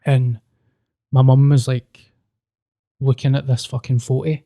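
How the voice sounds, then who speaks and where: A man's voice: mid-range voice, measured pace. Sweary man telling a story. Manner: sweary, animated, acts out quoted dialogue. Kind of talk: casual storytelling.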